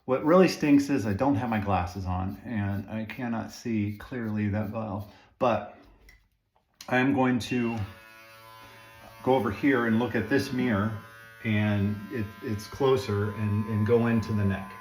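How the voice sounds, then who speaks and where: Unhurried and a little mellow, this man's low voice comes through with a bit of hiss or hum in an echoey room. He's a beard-grooming vlogger casually explaining his home trim, rambling with filler words and asides.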